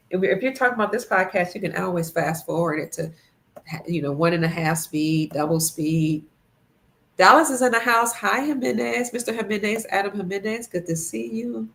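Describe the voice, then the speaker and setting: A woman's voice: mid-range voice, a bit bright. A woman hosting a casual livestream, greeting viewers by name and reading their comments, a little congested. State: congested, fasting. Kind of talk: casual live-stream chat.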